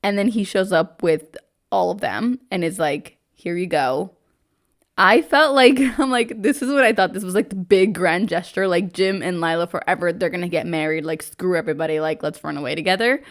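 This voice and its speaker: A woman's voice: on the low side, a little fast. A woman co-hosting a book club podcast, retelling the plot in casual chat with lots of "like". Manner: chatty, lots of "like", retells plot with quoted lines. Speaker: podcast co-host.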